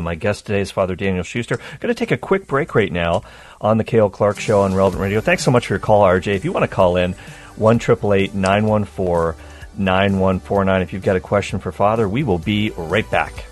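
A man's voice: sits low, a little fast. A man hosting a radio talk show, introducing guests and reading promotions in an upbeat announcing manner into a studio microphone.

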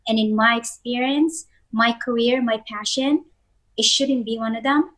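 A woman guest speaking earnestly in a relaxed chat about self-growth, often restarting her sentences. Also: on the high side, unhurried, poor audio. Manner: earnest, repeats words when starting sentences. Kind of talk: casual motivational chat.

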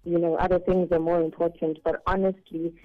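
A woman dentist guest on a radio show, explaining calmly and laughing easily. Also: fairly low pitch, fairly quick. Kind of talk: radio interview. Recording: muffled line with faint music.

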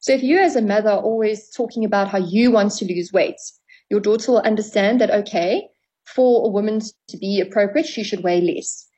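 A woman's voice: mid-range voice, fairly quick, dark tone, breathy edge, low-quality recording. A woman therapist as a radio guest, explaining at length and acting out dialogue with clients. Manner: explanatory, acts out quoted dialogue. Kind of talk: radio interview.

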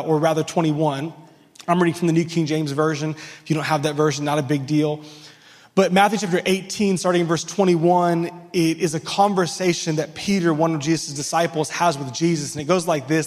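A man's voice: a little high, in a large hall. A man preaching a sermon as a pastor, in a conversational, self-deprecating way that is full of restarts.

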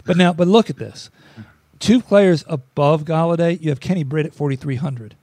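A man's voice: fairly high pitch, moderate pace, darkish tone, no room sound. A man co-hosting a casual sports podcast, chatty and joking, often restarting his sentences. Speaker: podcast co-host.

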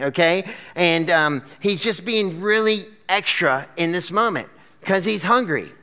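A pastor preaches a casual sermon to a live crowd at a church gathering with a screen, telling the story chattily and peppering it with "like" and "okay?". His voice sits high and sounds pushed, bright and smooth, and he takes his time.

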